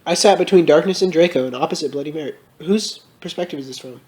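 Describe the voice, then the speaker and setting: Young guy reading dumb fanfic out loud, high voice, keeps cracking up and cussing at it. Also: quick pace. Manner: mocking, swears freely, breaks into laughter. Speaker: comedic reader. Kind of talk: comedic dramatic reading with commentary.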